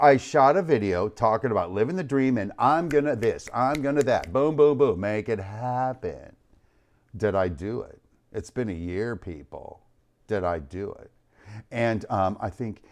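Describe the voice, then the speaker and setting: A man hosting a live online show, talking in an energetic, playful way, calling out names from the chat and dropping low at the ends of lines. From United States. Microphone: studio mic.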